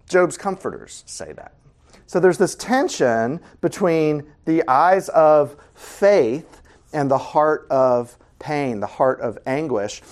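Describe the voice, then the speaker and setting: A man teaching a casual Bible study, animated and conversational, asking the class questions. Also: fairly high pitch, slow.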